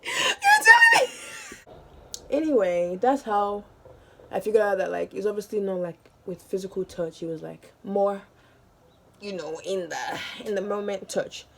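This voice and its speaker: A woman's voice: medium pitch, normal speed, vocal fry, dark tone. A young woman talks straight to her viewers in a loose get-ready-with-me vlog. She rambles through a story with constant fillers and breaks into laughter often. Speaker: vlogger.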